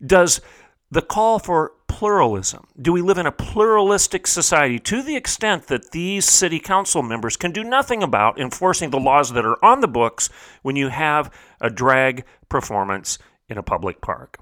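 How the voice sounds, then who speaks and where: A middle-aged man hosts a talk show in a bright, forceful voice. He builds his monologue with emphatic, preacherly rhetorical questions. The studio sound is close and dry. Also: on the high side, very animated, normal speed, no room sound. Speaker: radio talk show host.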